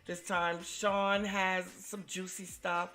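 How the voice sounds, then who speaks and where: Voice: mid-range voice, little pitch movement, slow pace, bright, forceful tone. A talk show host opening the show in laid-back, rambling chat.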